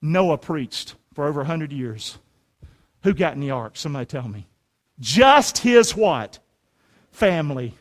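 A man in his forties preaching a sermon to a congregation, animated and often shouting, firing rhetorical questions at the room. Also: on the high side, measured pace, long pauses. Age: 40s. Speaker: pastor. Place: church sanctuary.

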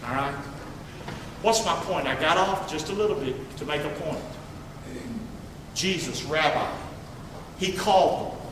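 A man preaching a sermon, reading scripture aloud and calling for responses, swinging from quiet asides to near-shouting. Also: a little high, a little slow, pauses often, noisy background. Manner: reads scripture aloud and calls for congregation response. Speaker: pastor. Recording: echoey hall, distant mic.

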